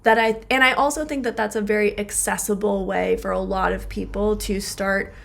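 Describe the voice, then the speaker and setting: A woman's voice: medium pitch, steady tone, normal speed, gravelly. A woman co-hosting a relationship podcast as a therapist, explaining ideas through everyday examples with lots of filler words. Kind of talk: casual podcast conversation.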